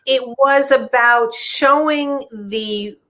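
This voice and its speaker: A woman's voice: sits high, very slow, pushed and bright. A middle-aged woman author earnestly telling a personal story in conversation, with many fillers and restarts. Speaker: author discussing her book.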